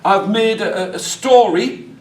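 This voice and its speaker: High-voiced man with a northeast English accent. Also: takes it slowly, far from the mic, slight background noise. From northeast England. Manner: chatty, jokey, engaging the room. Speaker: storyteller leading a teacher workshop. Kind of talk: lively workshop talk to an audience. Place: large hall with an audience. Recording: echoey hall, mic from afar.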